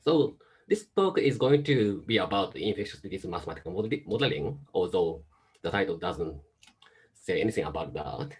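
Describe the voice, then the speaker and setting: Brief: deep, husky man, mixed Japanese-Chinese-American accent, explains carefully over a video call. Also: normal speed. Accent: Japanese, Chinese and American mix. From Japan, raised in Hong Kong. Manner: steady explaining, careful phrasing. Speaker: guest speaker, medical doctor. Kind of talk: online science talk.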